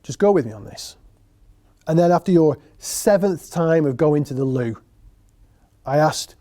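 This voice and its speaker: A man delivers a solo theatre monologue with a wry, sardonic edge, talking straight to his audience. His voice sits fairly high but sounds mellow and warm. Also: animated, a little slow, pauses often. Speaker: writer and performer.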